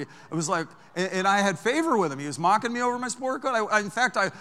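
A man preaching as a pastor, telling stories in an animated way that moves from hushed to loud. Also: high voice, fast, few pauses. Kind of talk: storytelling sermon. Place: large church sanctuary. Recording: long church hall reverb.

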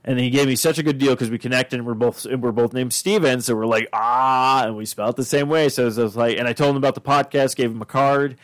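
A man hosting a podcast, chatting casually in a mid-pitched voice. He rambles through his story with many fillers and restarts, acting out what people said. The sound is dry and close. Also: steady tone, brisk, no echo. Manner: acts out quoted dialogue. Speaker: podcast host.

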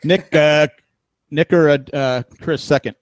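Man, middle-aged, podcast host, casual storytelling, higher pitch, dry close sound. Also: measured pace, no echo. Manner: storytelling with laughs, acts out quoted voices.

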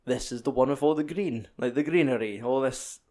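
A Scottish man in relaxed film chat, mid-pitched and easygoing. He swears freely and keeps slipping into jokey acted-out bits of dialogue. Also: brisk. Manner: sweary, jokey, acts out film lines in other voices. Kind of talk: casual chat about films.

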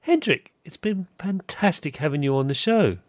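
A man's voice: fairly high pitch, animated, moderate pace, dry recording. A man hosting a podcast interview, chatting casually and animatedly, often laughing and acting out quoted voices. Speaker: podcast host.

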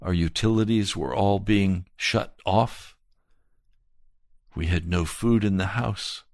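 A man preaching a slow, earnest sermon and telling a personal testimony. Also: low-pitched, dry recording, studio quality. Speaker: pastor.

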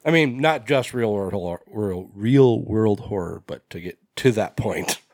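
A young man rants his way through a casual horror podcast chat, swearing freely. His pitch swings up and down with animation. The sound is dry and close, with no room around it. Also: lively intonation, unhurried, a little mellow, no room sound. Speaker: podcast co-host.

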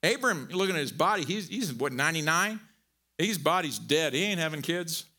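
Bright-voiced animated male preacher. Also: brisk. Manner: animated, swinging from low and quiet to loud emphatic peaks; conversational, folksy asides. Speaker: pastor. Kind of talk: sermon.

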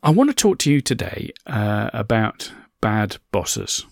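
Gravelly man, earnest podcast chat. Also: lowish voice, sing-song, measured pace, no echo, clean studio sound. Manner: earnest, conversational, repeats phrases for emphasis. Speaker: podcast host. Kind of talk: reflective motivational monologue.

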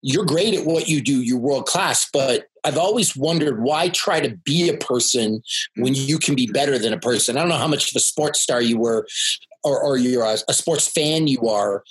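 A man hosting a podcast, asking casual interview questions with enthusiasm and some halting restarts. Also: medium pitch, slightly rough, low-quality recording. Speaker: podcast host.

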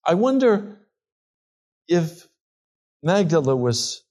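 Man, pastor, sermon, earnest, unhurried scripture storytelling, church. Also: fairly high pitch, sing-song, a little mellow. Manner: slow, earnest storytelling preacher.

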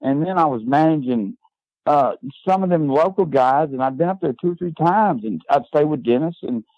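An older man, a guest and former wrestling manager, telling lively anecdotes and often ending his lines with "man". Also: fairly high pitch, moderate pace, no room sound, lo-fi sound.

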